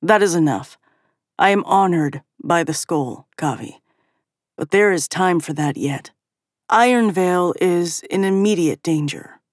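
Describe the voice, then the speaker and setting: A woman's voice: fairly low pitch, measured pace, no echo, studio quality, natural voice. A woman voicing a composed male king who speaks firmly and with control. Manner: firm, controlled.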